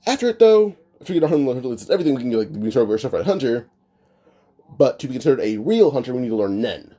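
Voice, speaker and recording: A man with a very dark, mellow voice improvises a fan storyline in a loose, chatty way. He rambles, restarts his sentences and leans on filler words as he goes. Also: mid-range voice, sing-song, fast. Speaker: anime what-if storyteller. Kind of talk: casual improvised retelling.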